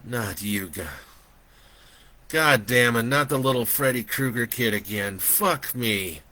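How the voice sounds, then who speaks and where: A man's voice: medium pitch, slow pace, bright, forceful tone. A man voicing a hungover, foul-mouthed grown man who swears and stammers in panic. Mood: exasperated.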